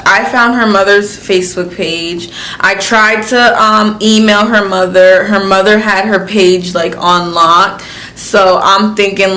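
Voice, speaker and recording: A woman's voice: mid-range voice, fairly bright tone. A young adult woman vlogger telling a storytime vlog in a chatty, slangy and worked-up way. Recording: echoey room.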